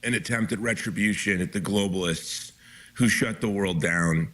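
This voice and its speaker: A low-pitched man talks as a guest author with a forceful, tense edge to his voice. He presses his points urgently and emphatically, often restarting mid-sentence. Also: normal speed. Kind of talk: impassioned interview talk.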